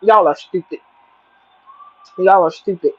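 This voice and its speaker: A woman's voice: fairly low pitch, measured pace, husky. A woman voicing a gloating male devil who jeers and taunts the people he tricked, over dull lo-fi audio. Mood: taunting. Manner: taunting, jeering.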